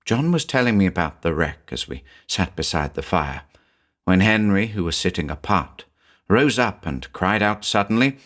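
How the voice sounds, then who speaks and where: A man voicing an anxious village mother who recounts events in a hushed, uneasy way. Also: sits low, animated, moderate pace.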